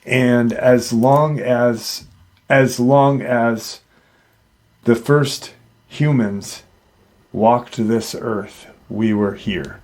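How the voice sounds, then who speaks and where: A man voicing a calm, kindly male dogman creature that speaks slowly and softly in a solemn way. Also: medium pitch.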